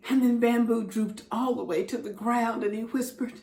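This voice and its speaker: A woman reading a story aloud with expression, dropping to a whisper at quiet moments. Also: on the high side, normal speed, few pauses, reverberant. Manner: expressive, drops to whispers for effect.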